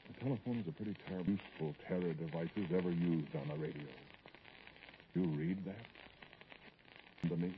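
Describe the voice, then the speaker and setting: A man's voice: sits low, highs cut off. A haunted, jittery middle-aged man. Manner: intense, confiding narration to an unseen listener. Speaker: lead actor and narrator of a radio drama. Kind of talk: 1940s radio acting. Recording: hissy old radio broadcast.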